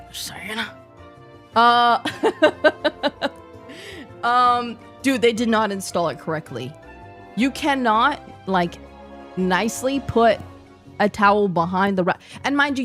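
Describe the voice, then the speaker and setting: A woman streamer chats casually in slang. Her talk is animated and jumps from topic to topic. Faint music plays underneath. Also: medium pitch. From New Zealand. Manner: chatty, slangy, animated, jumpy. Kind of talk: casual chat.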